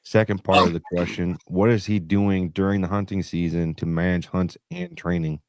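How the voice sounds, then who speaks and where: A man co-hosting a podcast, blunt and quick to swear as he chats and puts questions to the guest. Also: deep voice, level tone, darkish tone, dry recording. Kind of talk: casual chat.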